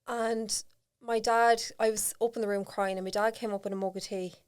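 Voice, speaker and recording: A woman's voice: mid-range voice, normal speed, clean tone. Irish woman telling her story. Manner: animated, acts out quoted voices, laughs often. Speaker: podcast guest. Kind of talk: candid storytelling in casual chat.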